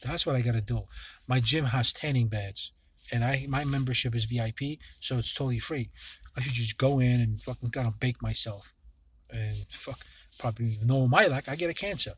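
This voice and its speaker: A man's voice: mid-range voice, a little fast, a little hiss or hum. A man talking casually to his viewers in a vlog, rambling and swearing freely, often restarting his sentences. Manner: rambling and profane, with many restarts. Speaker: vlogger.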